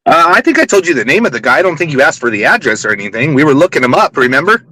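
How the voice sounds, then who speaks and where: A man's voice: a little high, very animated, very fast, bright, forceful tone, dry recording. A man arguing heatedly on a voice call panel, stammering and repeating himself as he talks over others. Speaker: panel speaker. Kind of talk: heated argument on an online voice panel.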